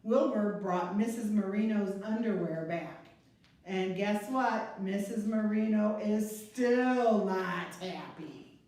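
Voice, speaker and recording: Slow, expressive woman reading a storybook. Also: medium pitch. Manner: slow, expressive read-aloud with gasps and playful asides. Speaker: children's librarian reading storytime. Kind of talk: reading a picture book aloud to children. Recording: echoey room, mic at a distance.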